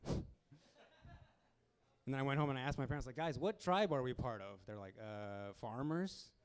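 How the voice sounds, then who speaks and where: Young male stand-up host, mid-pitched, casual club delivery with deadpan asides. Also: brisk, clean tone. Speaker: stand-up comedian hosting a comedy show. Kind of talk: stand-up comedy set. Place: small comedy club, live audience.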